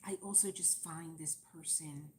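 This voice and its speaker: Crafting on a livestream, a woman talks casually for a long stretch, wandering from topic to topic and often laughing. She speaks in a low voice with fairly even intonation and a measured pace, over slight background noise.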